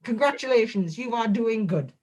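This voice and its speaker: A man, a guest on a comedic in-character interview, rambling through absurd jokes in a deadpan way. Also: very high voice, moderate pace.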